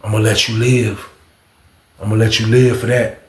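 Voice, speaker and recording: A man's voice: lowish voice, flat delivery, fairly quick, echoey room, pitched below the performer's own voice, lightly acted. A man doing a menacing masked enforcer. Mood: threatening. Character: menacing masked male prison enforcer, cold and threatening.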